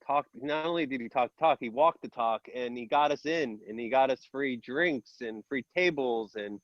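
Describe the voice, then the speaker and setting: A man's voice: medium pitch, dry recording. Man, rambling friend, dull dry mic, casual chat. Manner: rambling, halting with fillers. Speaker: old friend. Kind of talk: casual reminiscing.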